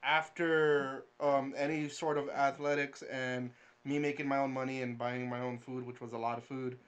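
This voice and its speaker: A man's voice: mid-range voice, little pitch movement, moderate pace, clear, resonant tone. A man co-hosting a podcast, telling a story in a laid-back, swearing, casual chat. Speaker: podcast co-host. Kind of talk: casual storytelling among friends.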